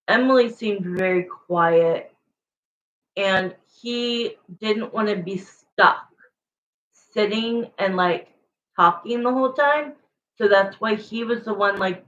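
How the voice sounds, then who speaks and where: A woman gives a tarot reading in an unhurried, meandering way, leaning on "like" and "you know" as she talks. Her voice sits at an ordinary pitch, and the recording sounds a little dull and lo-fi. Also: fairly bright tone, slight background noise. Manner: rambling, full of "like" and "you know". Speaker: tarot reader. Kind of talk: casual spoken tarot reading.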